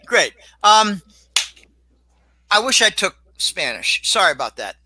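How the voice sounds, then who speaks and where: A man talking as a guest in a casual interview, rambling and animated, with sudden exclamations. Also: sits high, unhurried, long pauses, no room sound, poor audio. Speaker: guest commentator.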